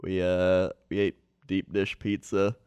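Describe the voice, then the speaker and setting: A man's voice: measured pace, clear, resonant tone, no echo, lo-fi sound. A man co-hosting a podcast, telling a story in casual chat and acting out the people in it. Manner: animated storyteller, acts out people in high voices. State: sick with flu. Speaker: podcast co-host.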